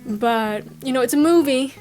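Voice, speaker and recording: A woman's voice: sits high, normal speed, a little mellow, soft background music. A woman vlogger telling a comic story in a rambling way, full of fillers and checking in with the listener. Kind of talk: comedic storytelling to camera.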